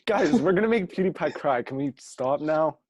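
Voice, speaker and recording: A man's voice: fairly high pitch, expressive, measured pace, a little mellow, no room sound. A man co-hosting a casual podcast, giving short reactions and asking prompting questions. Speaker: podcast co-host.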